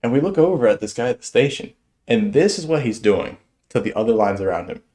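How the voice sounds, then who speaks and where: A young man telling a stand-up story in an animated way, chuckling as he goes. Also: medium pitch, fast talker. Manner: animated, chuckles through his own story. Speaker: stand-up comedian.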